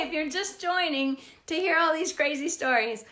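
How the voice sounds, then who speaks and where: A woman's voice: sits high, normal speed, bright, forceful tone, a little hiss or hum. A middle-aged woman, a real estate agent, casually telling funny stories from her job and laughing often. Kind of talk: casual storytelling to camera.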